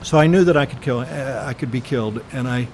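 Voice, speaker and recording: Frequent pauses and filler words mark this older American man's earnest, reflective recollections during an oral history interview. He speaks at medium pitch against a noisy background.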